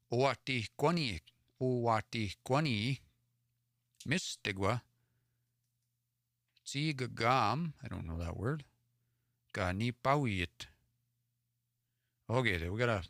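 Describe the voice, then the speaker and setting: A man's voice: fairly low pitch, a bit bright, no room sound, clean studio sound. A man from the Edmonton area in Alberta, hosting a livestream where he reads a story aloud, translates it word by word, and sounds out words he is unsure of. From Edmonton area, Alberta, Canada. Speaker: livestream host reading Cree stories.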